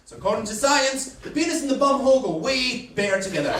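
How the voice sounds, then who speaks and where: A man with a strikingly high voice does a brash, cheeky stand-up set, teasing the crowd. He is picked up from a distance in a roomy, echoing club. Loud audience laughter rolls under his lines. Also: expressive, moderate pace, very noisy. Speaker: stand-up comedian. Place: comedy club stage.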